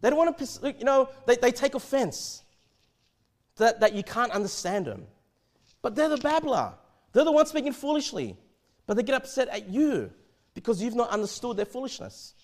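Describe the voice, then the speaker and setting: A man preaching a verse-by-verse sermon, animated and often repeating and restarting his words. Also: very high-pitched, normal speed. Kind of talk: expository sermon.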